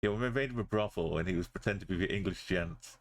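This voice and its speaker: Deep-voiced man thinking aloud. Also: fast. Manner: thinking aloud, musing and chatting with viewers. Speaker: streamer. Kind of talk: casual live-stream commentary while playing.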